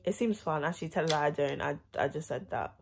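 A young woman hosting a casual music reaction vlog, chatty and excitable, rambling between laughs. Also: low voice, brisk, creaky, slight background noise. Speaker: reaction video host.

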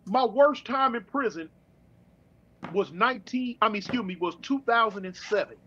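A middle-aged man from California telling his story in casual street slang, with halting restarts, over a dull remote call. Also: sits high, animated, sharp tone, slight background noise. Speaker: guest.

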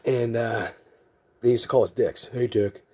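A man's voice: mid-range voice, normal speed, mellow, slightly rough. A man, chatting casually as a trading card vlogger in a rambling way, chuckling and restarting his sentences. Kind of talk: casual chat and storytelling.

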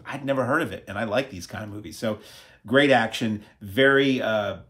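A man's voice: fairly low pitch, moderate pace, fairly bright tone. A man casually reviewing a film, chatty and upbeat, with many "uh" fillers and dry self-mocking asides.

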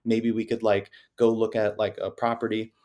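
A man's voice: lowish voice, flat delivery, moderate pace, dark tone, close to an everyday voice. A man imitating an unsure male agent on a cold call who stuffs every phrase with filler words. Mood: hesitant.

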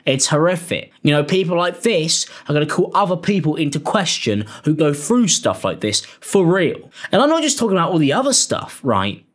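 A young British man giving blunt, sweary, exasperated commentary as the host. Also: on the high side. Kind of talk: angry commentary.

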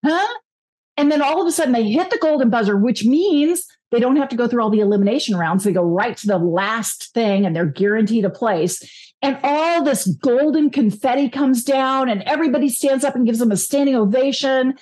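Upbeat higher-voiced woman coach. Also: fairly quick, a little mellow. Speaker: guest, abundance coach. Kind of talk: interview conversation. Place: California.

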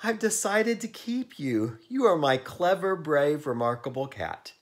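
A man reading aloud and putting on a high, gushing voice for a fussy old woman who dotes on her cat, in a storybook. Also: huge pitch swings, a little slow, breathy edge, full character voice. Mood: doting. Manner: high, sing-song and gushing.

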